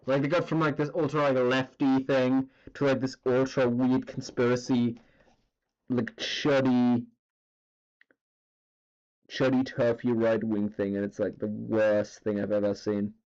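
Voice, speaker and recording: A man streaming while he draws, chatting in a loose, rambling way full of fillers and the occasional curse. His voice sits at an ordinary middle pitch. The recording sounds a little dull and lo-fi. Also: level tone, measured pace, a little mellow. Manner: rambling, filler-heavy, swearing. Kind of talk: casual chat while drawing.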